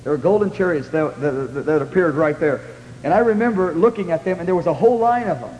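A man with a high voice tells his story to a congregation in earnest, halting bursts. He stops and restarts his sentences and breaks into shouts at the peaks. The sound rings through a reverberant hall over a faint hum. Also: lively intonation. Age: young adult. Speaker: preacher. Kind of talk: sermon testimony.

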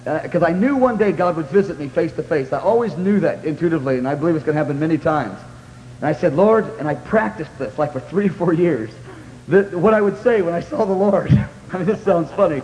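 A man preaching a sermon and telling a story in an earnest, halting way, full of restarts, at times shouting as he re-enacts it. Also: a little high. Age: young adult. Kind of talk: sermon testimony. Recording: echoey hall with faint hum.

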